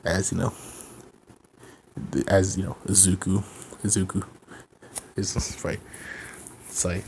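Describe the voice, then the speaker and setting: Male amateur storyteller, slow and rambling, faint noise behind. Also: low-pitched, little pitch movement, vocal fry, darkish tone. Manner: rambling, heavy on fillers. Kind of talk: improvised fan story narration.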